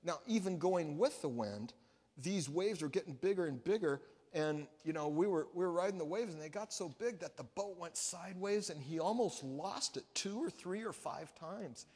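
A man's voice: high voice, lively intonation, moderate pace, darkish tone, breathy edge. A male pastor giving a sermon, telling a story in a conversational way with frequent restarts. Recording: long reverb of a large hall.

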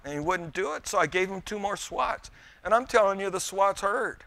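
A middle-aged male pastor preaching with a bright, forceful voice that sits a little high. He tells homely stories and turns often to his listeners. The sound is dry and close. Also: lively intonation, moderate pace, no echo. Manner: folksy storytelling, addressing the congregation directly. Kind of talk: sermon.

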